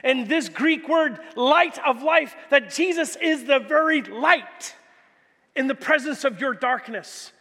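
A man's voice: very high voice, slow pace, sharp tone, in a large hall. A man preaching a sermon as pastor, telling stories animatedly with casual fillers like "like" and "you know.". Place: church hall.

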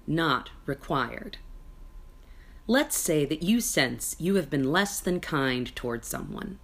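A woman hosting a podcast, reading aloud from a self-help book in a gentle, soft-spoken way and adding casual side comments. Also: deep voice, expressive, takes it slowly. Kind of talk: reading aloud with personal asides.

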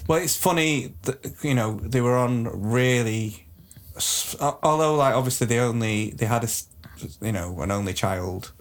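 A man doing a deadpan, mock-serious comedy chat, often hesitant and trailing off. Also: medium pitch, normal speed.

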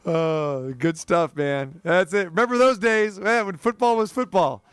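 A man's voice: high voice, measured pace, fairly bright tone, smooth, dry recording. A man hosting a sports radio show, with upbeat, chummy patter as he wraps up and signs off.

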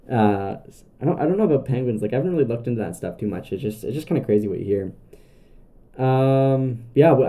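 With a warm, mid-range voice, a young podcast host from Canada rambles through camping stories in a casual storytelling monologue, using lots of filler words and restarts.

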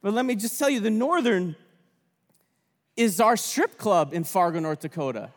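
A man in his thirties preaching at a conference, telling stories with animated, shouted bursts in a large hall. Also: high-pitched, normal speed. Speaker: pastor. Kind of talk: energetic conference sermon. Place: large hall with long reverb. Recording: reverberant hall, from a distance.

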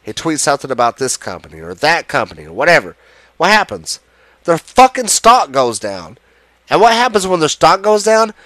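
A man's voice: a little high, very animated, normal speed, a bit bright, dry recording. A man in a heated, profane, sarcastic political rant to the camera.

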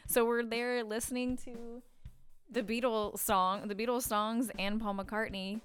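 A woman guest on a podcast interview, telling a story in a casual, animated way and laughing easily. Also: on the high side, measured pace, clean tone, soft background music. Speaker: guest actress.

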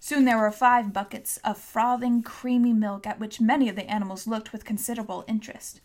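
A woman reads a classic novel aloud as an audiobook narrator. Her voice sits somewhat high, and she tells the story steadily and clearly. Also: fairly even intonation, fairly quick, darkish tone. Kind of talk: scripted narration.

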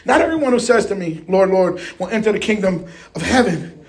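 A man preaching a sermon in a lively, animated way, laughing and shouting at times. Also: high voice, brisk.

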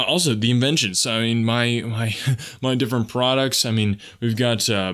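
A man's voice: fairly low pitch, a bit bright. A young man hosting a comedy podcast, talking in a boastful, self-important way, with a rambling parody self-help monologue. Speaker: podcast host.

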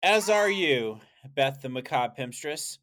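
A man's voice: mid-range voice, unhurried. A man co-hosting a podcast in casual chat, telling rambling stories with lots of swearing and fillers. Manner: animated, profane, rambling storyteller. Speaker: podcast co-host.

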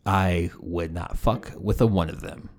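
A man's voice: sits low, measured pace, a little mellow. A man co-hosting a podcast, mostly chiming in with short replies and dry remarks in casual chat. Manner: brief listener backchannels, dry remarks. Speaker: podcast co-host.

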